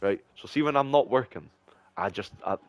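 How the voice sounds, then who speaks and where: A man's voice: medium pitch, moderate pace. A young Scottish man streaming and chatting casually, rambling with heavy swearing and lots of fillers. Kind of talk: casual chat.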